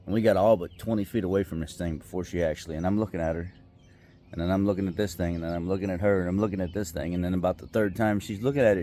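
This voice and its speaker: A man's voice: low-pitched, steady tone, fast, darkish tone, slight background noise. A middle-aged man, telling a personal story in a rambling, folksy, heartfelt way. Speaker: vlogger. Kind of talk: casual storytelling vlog. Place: outdoors by a river.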